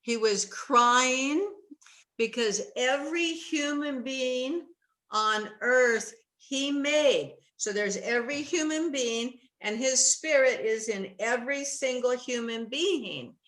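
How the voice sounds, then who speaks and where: A woman's voice: high voice, takes it slowly, a bit bright. A woman hosting a faith talk show interview, earnest and emotional, sometimes laughing or tearful. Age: older. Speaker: host.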